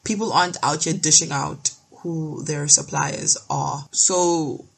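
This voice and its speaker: Husky-voiced young woman telling stories. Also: deep voice, slow pace. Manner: storytelling, animated retelling with restarts. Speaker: podcast co-host. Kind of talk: casual chat.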